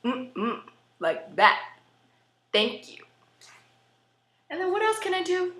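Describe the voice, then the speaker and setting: A young woman hosting a playful comedic audition, chatty and animated. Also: extremely high pitch, takes it slowly. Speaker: host audition contestant. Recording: roomy echo.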